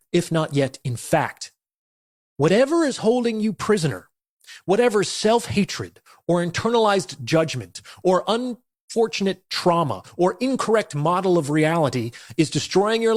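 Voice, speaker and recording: Guy preaching hard self-help, kinda high voice, cussing, dry close sound. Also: no echo. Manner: forceful, declamatory, profane. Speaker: motivational speaker. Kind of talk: intense motivational monologue.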